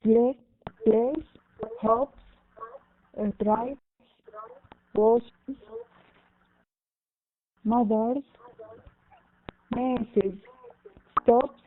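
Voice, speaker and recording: A woman student slowly and carefully reading a list of English words aloud in an online class. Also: a little high. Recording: tinny online call with faint noise.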